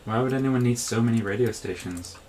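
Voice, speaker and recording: A man's voice: mid-range voice, fairly quick, darkish tone, a little hiss or hum. A man chatting casually while playing a game on a live stream, giggly, jokey and playful.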